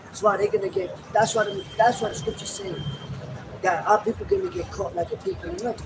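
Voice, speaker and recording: High-voiced man talking over street traffic. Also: fairly even intonation, brisk. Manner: conversational, keeps checking in with "you know?". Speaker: street preacher. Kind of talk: street ministry discussion. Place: city street outdoors. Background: traffic noise.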